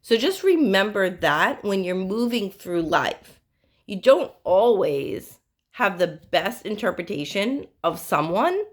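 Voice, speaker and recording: A woman's voice: mid-range voice, sing-song, takes it slowly. A woman psychic medium giving spiritual advice to her viewers, telling stories in an earnest, direct way. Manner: earnest, storytelling, direct address.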